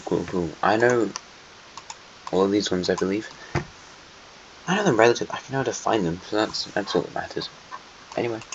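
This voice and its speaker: A young man narrates a strategy game in a loose, teasing way, talking straight to the countries on the map. His voice sits fairly low. The home recording sounds muffled and a little lo-fi, with faint background hiss. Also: fairly bright tone. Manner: playful, chatty, teasing the nations on the map. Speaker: channel host. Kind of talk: casual gameplay commentary.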